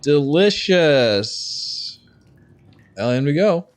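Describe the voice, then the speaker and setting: While playing on stream, a man comments casually, joking, swearing and speaking to his chat. His medium-pitched voice swings widely in pitch at a moderate pace.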